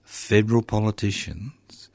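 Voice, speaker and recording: A man's voice: fairly low pitch, unhurried, vocal fry, darkish tone, no room sound. A man with an Australian accent hosting community radio, giving sarcastic, opinionated political commentary with mocking, emphatic bursts.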